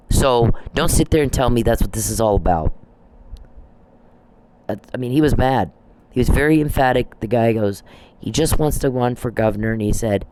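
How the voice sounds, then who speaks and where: A man's voice: medium pitch, darkish tone, slight background noise. A man hosting a solo podcast, delivering an emphatic, repetitive and accusatory rant. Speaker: podcast host.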